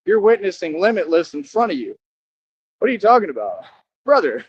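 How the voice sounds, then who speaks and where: A man giving a rambling, boastful livestream monologue outdoors near a highway, scolding his viewers and repeating himself. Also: sing-song, normal speed, breathy edge, dry recording, highs cut off. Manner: talks straight to his viewers, scolding them.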